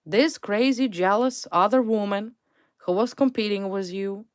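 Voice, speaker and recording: A woman's voice: mid-range voice, a little slow, clear, resonant tone. A woman reading tarot cards to a viewer, blunt and emphatic, repeating her points and swearing freely. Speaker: tarot reader.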